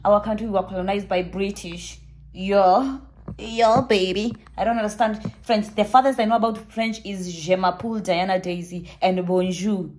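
A woman's voice: medium pitch, normal speed, darkish tone, slight background noise. A young woman from Kenya with a Kenyan accent, telling a travel story to camera in a playful, joking, dramatic way. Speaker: travel vlogger.

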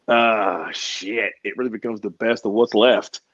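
A man's voice: fairly low pitch, fairly even intonation, a little slow, fairly bright tone, dry recording. Chill slangy guy chatting in an interview, laughs a lot, kinda muffled dry audio. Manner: laid-back, slangy, laughs often. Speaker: wrestler guest. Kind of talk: casual interview chat.

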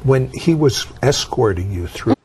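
A man's voice: medium pitch, lively intonation, measured pace, a little mellow, slightly rough. A man hosting an interview, probing his guest with leading questions. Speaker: host.

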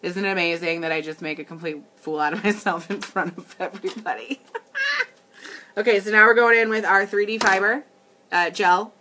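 Chatty woman doing a live makeup demo, bright voice, keeps cracking up. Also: mid-range voice, fairly even intonation, a little fast, a little hiss or hum. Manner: giggly, talks straight to viewers, easily amused. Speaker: makeup demonstrator and livestream host.

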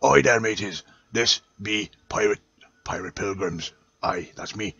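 A man's voice: fairly low pitch, a little slow, creaky, fairly bright tone, husky, no room sound, dull audio, full character voice. A man voicing a boastful, jolly male pirate captain, hamming it up with growled ayes. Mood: jovial.

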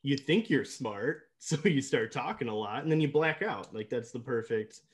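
A man's voice: mid-range voice, lively intonation, normal speed. A man co-hosting a casual movie podcast, rambling with lots of fillers and laughing often. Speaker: podcast co-host.

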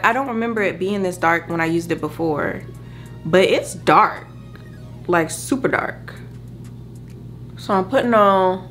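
A woman's voice: medium pitch, a bit bright. A woman vlogger chatting casually with her viewers while doing her makeup at home, talking in a rambling, direct way. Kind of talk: casual get-ready-with-me chat.

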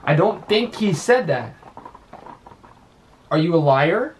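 A man's voice: a little high, lively intonation, slow, a little hiss or hum. A man talking at home as a father, asking stern, patient questions. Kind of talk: casual home talk. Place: family home.

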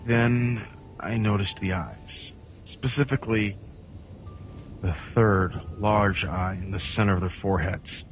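A man reading a horror story aloud in an intense, dramatic way that swings from hushed to near-shouting. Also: on the low side, takes it slowly, pauses often, soft background music. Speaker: creepypasta narrator.

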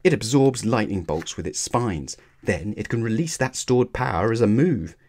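A man reading aloud, voicing a calm, confident, soft-spoken schoolboy. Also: on the low side, normal speed.

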